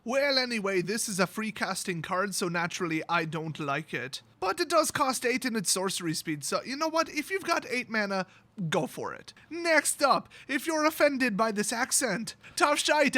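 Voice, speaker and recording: A man reviews cards in a playful, exaggerated put-on Irish accent. His voice sits high and sounds crisp and sharp. The recording is dry, with no room sound. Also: expressive, moderate pace, no echo. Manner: joking, exaggerated mock accent. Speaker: channel host. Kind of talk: card spoiler review.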